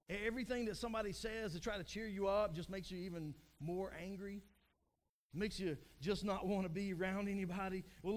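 A man, a pastor in his thirties with young kids, preaching a conversational sermon, repeating phrases and acting out weary, frustrated speakers. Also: high-pitched.

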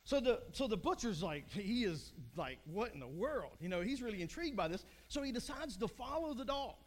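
A man's voice: very high-pitched, very animated, fairly quick. A middle-aged man preaching a sermon to a congregation in a chatty, self-deprecating way, with small restarts. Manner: chatty, self-deprecating, acts out joke voices. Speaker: pastor.

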